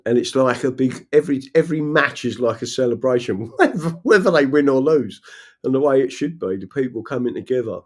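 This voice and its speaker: A man with a London accent hosting a casual livestream. He rambles, swears freely, laughs often and reads viewer comments aloud. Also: fairly low pitch. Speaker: livestream host. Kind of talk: casual live-stream chat.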